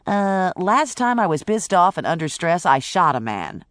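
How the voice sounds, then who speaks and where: A woman's voice: fairly low pitch, sing-song, normal speed, no room sound, studio quality. Narrator doing a blunt, weary woman cop. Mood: wry. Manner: blunt, wry, defensive. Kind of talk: audiobook character voice.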